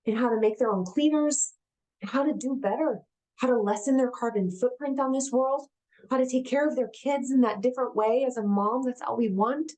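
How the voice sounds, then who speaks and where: A woman's voice: fairly high pitch, brisk, a little mellow. A woman giving an earnest, emphatic personal talk as a guest speaker, repeating her key phrases and acting out the voices in the dialogues she recounts.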